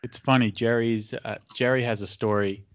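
A man's voice: medium pitch, steady tone, moderate pace, dry recording, lo-fi sound. A man co-hosting a podcast, asking a guest fan questions in a friendly, casual way. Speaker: podcast co-host. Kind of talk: casual interview chat.

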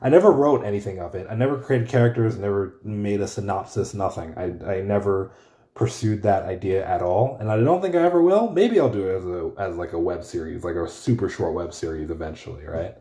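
A young man rambles through a casual solo podcast, swearing freely and circling back to fix his own words. His voice is dark and mellow. The recording carries a roomy, echoey sound. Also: sits low, fairly quick. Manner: rambling, profane, self-correcting. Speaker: podcast host. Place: room at home.

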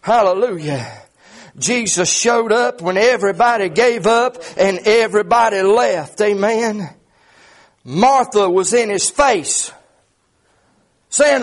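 This is a middle-aged preacher, and his voice sits very high for a man. He delivers a fervent sermon, often starting phrases with "uh" and rising into shouts at the peaks. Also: lively intonation, slow, long pauses.

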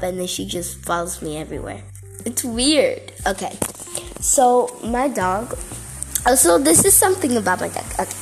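A woman's voice: medium pitch, animated, normal speed. A woman ranting casually to camera in a vlog, chatty and exasperated, full of "like" and "okay". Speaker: vlogger.

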